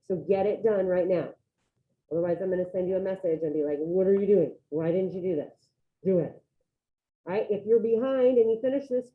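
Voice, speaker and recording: A woman teaching a Spanish class over a video call, giving brisk step-by-step instructions and coaxing students to get the work done. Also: mid-range voice. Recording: tinny phone-like video call audio.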